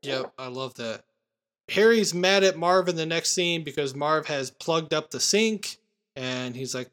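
A man hosting a casual podcast, retelling movie scenes with animated quoted lines. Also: fairly high pitch, measured pace. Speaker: podcast host recapping a film. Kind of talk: casual chat.

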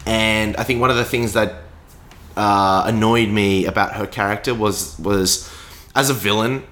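Young male podcaster, fairly low, bright voice, halting delivery with many "um"s. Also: steady tone. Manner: hesitant, many fillers and restarts. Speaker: podcast co-host reviewing a film. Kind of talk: casual film discussion.

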